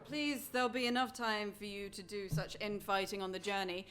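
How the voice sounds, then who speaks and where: A woman running a live tabletop game as game master, briskly steering the players. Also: mid-range voice, steady tone, a bit bright, slight background noise. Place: live theatre stage.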